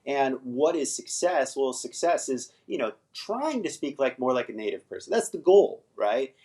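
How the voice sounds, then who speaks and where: A man's voice: medium pitch, big pitch swings, normal speed, warm tone. An American man hosting a casual live-stream English lesson, loose and chatty, full of fillers, with the odd swear word. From United States.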